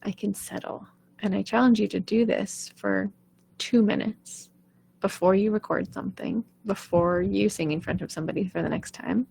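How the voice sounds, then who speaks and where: A woman coaching singers in a live online session, talking earnestly in a loose, conversational way. Her voice carries a steady gravelly fry at a middle pitch. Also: moderate pace. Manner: earnest, conversational, often asks "right?". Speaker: singing coach.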